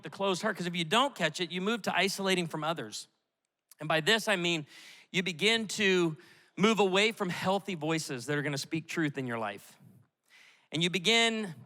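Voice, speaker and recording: A middle-aged male pastor preaching a sermon, telling stories in an animated way with quick asides. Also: high voice. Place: church auditorium. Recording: echoey hall with long reverb.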